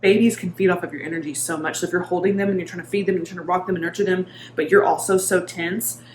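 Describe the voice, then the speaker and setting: A woman's voice: fairly low pitch, fairly even intonation, quick pace. A woman in her thirties, a mindset coach talking casually to camera with many fillers. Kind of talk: casual talk-to-camera vlog. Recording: echoey room with faint background noise.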